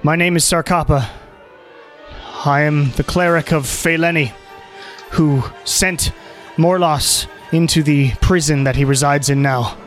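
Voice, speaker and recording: A man's voice: a little high, unhurried, a bit bright, faint music behind. A man voicing a possessed male cleric who talks earnestly and apologetically, at times stammering. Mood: solemn. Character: possessed young male cleric, solemn then flustered.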